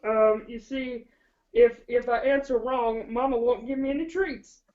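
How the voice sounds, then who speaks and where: A woman's voice: on the high side, fairly even intonation, unhurried, darkish tone, highs cut off, close to an everyday voice. A woman voicing a cutesy little pet dog. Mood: sweet. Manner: cutesy, giggly, devoted to her mommy. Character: sweet pampered little female pet dog. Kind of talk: playful pet role-play on a chat show.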